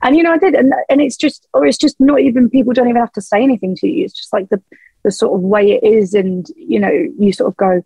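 A woman's voice: a little high, fast talker, vocal fry, a little mellow, husky, no echo, rough recording. Chatty woman, dry close sound. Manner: chatty and frank, laughs often, swears casually. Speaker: podcast guest, band vocalist. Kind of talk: casual chat.

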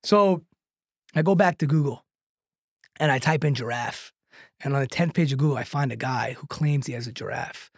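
A man, a comedian and content creator, telling a long anecdote in a podcast chat, animated and tagging lines with "right?", laughing now and then. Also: medium pitch, moderate pace, pauses often, slightly rough, no room sound, clean studio sound. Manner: laughs through his own story.

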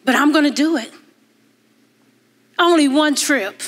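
A woman minister preaching a sermon in a church, telling a story with emphatic rises and hushed passages. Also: high voice, measured pace. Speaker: guest minister. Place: church sanctuary.

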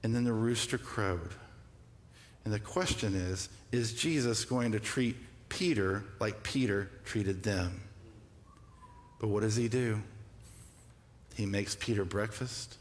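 A man's voice: lowish voice, takes it slowly, pauses often. A man preaching a sermon as pastor, who calls on the congregation to repeat phrases back and builds to emphatic peaks. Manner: call-and-response preaching, rising emphatic delivery. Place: church sanctuary. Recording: echoey church hall.

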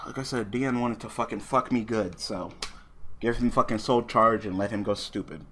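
With a lowish, somewhat breathy voice at a moderate pace, a male gaming channel host casually narrates an online card duel, swearing constantly as he swings from muttering to ranting.

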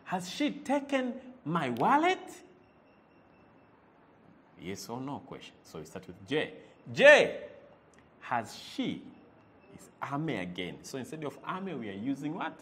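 A man's voice: mid-range voice, huge pitch swings, unhurried, sharp tone. A man teaching a language lesson, repeating words and quizzing the listener with "eh?" as he goes. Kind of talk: lively spoken language lesson.

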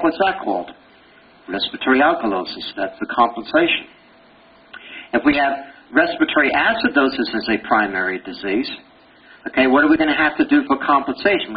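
An older man giving a lively pathology lecture, quizzing students with rapid questions and joking as he goes. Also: medium pitch. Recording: dull lo-fi lecture recording with faint hiss.

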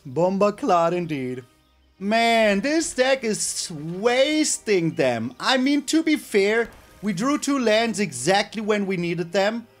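A man's voice: sits high, takes it slowly, hardly any pauses, faint music behind. A man hosting his gaming channel, giving live gameplay commentary and exclaiming and groaning at each play. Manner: animated, exclaims and groans at plays.

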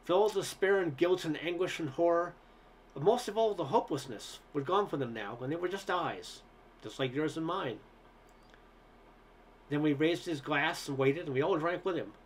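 A man reads a short story aloud in a relaxed, unhurried narrating style, now and then tripping over a word. His voice sits fairly high for a man, with a faint hiss of noise underneath. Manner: relaxed storytelling, occasional stumbles. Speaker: story reader. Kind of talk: audiobook narration.

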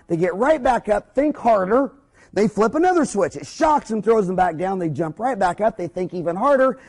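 A man's voice: sits high, darkish tone. A man in his forties, a dentist, giving a blunt, profane business talk full of stories and emphatic punchlines. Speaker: dentist and speaker.

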